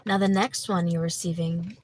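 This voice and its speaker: Her voice sits lowish with a darkish tone and fairly even intonation, moving at a normal speed, though the recording quality is low. She's a tarot reader chatting through a livestream reading, laughing readily, addressing viewers by name, and leaning on fillers like "like" and "you know."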